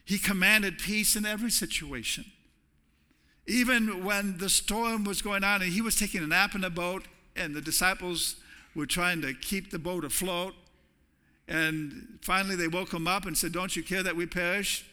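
A man's voice: high-pitched, moderate pace, pushed and bright. A male pastor preaching a sermon in a church sanctuary, in a conversational way that often repeats words as he restarts. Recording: long reverb of a large hall.

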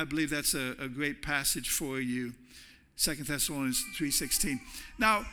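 Bright-voiced male pastor, long hall reverb. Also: fairly high pitch. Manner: conversational preaching, repeats words on restarts. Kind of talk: sermon.

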